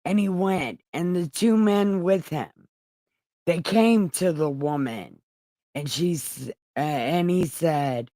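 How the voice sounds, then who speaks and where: A woman's voice: lowish voice, slow, dark tone, no echo. A woman hosting a livestream, retelling scripture in a profane, slangy way. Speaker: livestream host.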